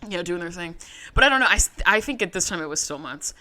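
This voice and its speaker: A woman co-hosting a podcast, chatting casually in a profane, animated storytelling way. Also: fairly low pitch, quick pace. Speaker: podcast co-host. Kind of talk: casual recap chat.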